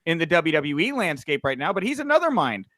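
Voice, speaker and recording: There's no room sound as a young man, his pitch fairly high and his pace fairly quick, runs his wrestling news podcast. He chats loosely and spins animated stories, saying "uh" often.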